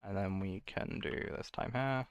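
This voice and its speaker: A man's voice: on the low side, normal speed, gravelly, dry recording, lo-fi sound. A man streaming himself coding, thinking aloud in a casual, muttering way and correcting himself as he goes.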